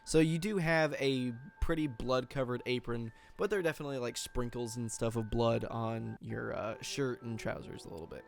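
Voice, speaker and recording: A man in a middling pitch runs a tabletop game as game master. He narrates loosely and casually, with lots of "uh" and "like." His tone stays laid-back throughout. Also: moderate pace, vocal fry, hardly any pauses, faint music behind. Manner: relaxed, filler-heavy narration.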